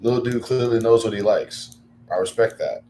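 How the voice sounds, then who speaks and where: A man chatting casually on a livestream, rambling with lots of fillers and breaking into excited bursts. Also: lowish voice, moderate pace, a little hiss or hum.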